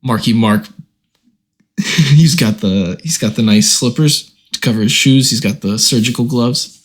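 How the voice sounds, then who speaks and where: A man's voice: mid-range voice, measured pace. A man co-hosting a casual movie podcast, steering the talk and recapping the plot. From Washington State. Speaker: podcast co-host.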